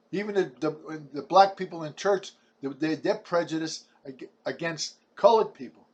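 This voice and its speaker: A man, delivering a blunt, combative ranting monologue full of stumbling restarts. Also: a little high. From Brooklyn, New York. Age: 70s. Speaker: vlogger.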